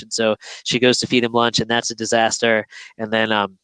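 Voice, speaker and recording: A man's voice: on the low side, completely flat delivery, brisk, hardly any pauses, sharp tone, smooth, dry recording, low-quality recording. A young man, a picture book author, chatting casually and acting out the characters as he tells his story. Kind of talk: casual bookstore video chat.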